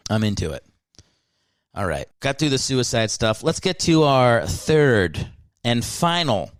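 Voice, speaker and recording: A man's voice: medium pitch, smooth, no room sound, clean studio sound. A man hosting a comedy podcast, rambling through a profane, riled-up sports rant. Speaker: podcast host. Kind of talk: solo comedy podcast monologue.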